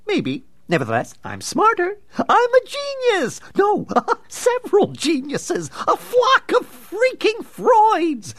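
Edward Nigma, a shrieking manic villain. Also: male voice, extremely high pitch, no room sound, voice pushed up, full character voice. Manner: cackling, shrieking, theatrical swings. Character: manic gleeful male mad genius villain. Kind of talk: audiobook character voice.

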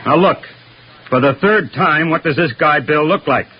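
A man's voice: medium pitch, animated, fairly quick, slight background noise, lightly acted. An actor playing a tough, pushy male police detective who questions bluntly and hard, in 1940s radio acting style, from a dull lo-fi old radio recording. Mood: impatient. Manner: blunt, hard-pressing interrogation.

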